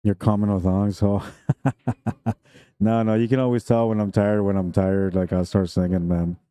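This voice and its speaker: A man calls a pool tournament on a live stream, mixing shot analysis with easygoing jokes and frequent laughs. His voice sits low and very dark, with a mellow weight. The sound is close and dry. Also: little pitch movement, normal speed, clear, resonant tone, no echo. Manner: chatty, jokey, laughs often.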